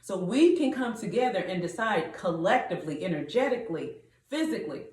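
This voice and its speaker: A woman's voice: mid-range voice, animated, brisk, roomy sound, distant mic, noisy background. A woman hosting a podcast, delivering a preachy, rallying monologue to her listeners and sometimes breaking into song. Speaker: podcast host.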